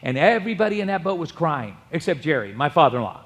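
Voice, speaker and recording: A middle-aged man preaching a sermon, telling a personal story and rising to loud exclamations. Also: a little high, big pitch swings, fast. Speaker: pastor.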